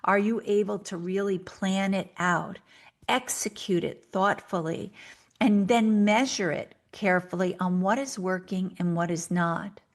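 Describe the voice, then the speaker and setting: This solo podcast host speaks in a mid-range voice, offering coaching advice earnestly and directly to her listeners. Now and then she speeds up for quick acted asides.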